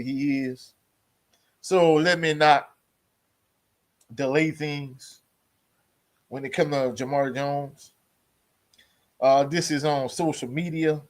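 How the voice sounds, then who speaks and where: On his live college sports stream, this relaxed host talks sports in loose slang at an ordinary mid pitch. He regularly calls out to chat members.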